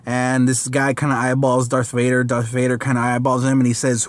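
A man's voice: medium pitch, completely flat delivery, a little fast, few pauses, no room sound. A man reviewing a comic book in a casual, rambling vlog, using lots of fillers and slang.

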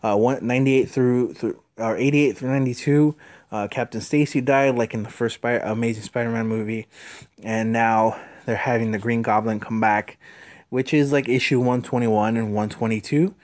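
A man hosts a podcast and recaps a comic book in a casual, rambling way. He stops and restarts often and fills gaps with "uh" and "um". His voice sits at an average pitch. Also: steady tone, a little mellow. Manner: rambling, halting, many fillers. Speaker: podcast host.

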